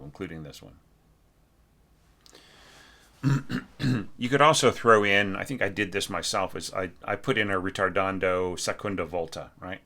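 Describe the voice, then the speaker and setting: A man's voice: low-pitched, bright, forceful tone. A man teaching orchestration, giving feedback on a score while thinking aloud. He often sings the musical parts and asks "right?". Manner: frequent fillers and restarts, encouraging but direct. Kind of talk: spoken feedback lesson on a score.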